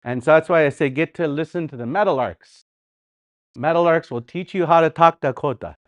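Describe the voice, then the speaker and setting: A man teaching a live language class, animated, repeating words slowly for practice and sometimes singing phrases to show their tune. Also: a little high, dry recording.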